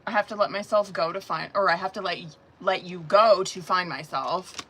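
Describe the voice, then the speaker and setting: A tarot reader with a sore throat chats casually on a live stream, reading cards in a soft, lowish voice at normal speed. She laughs often and uses loose, profane slang, with steady background noise beneath her voice.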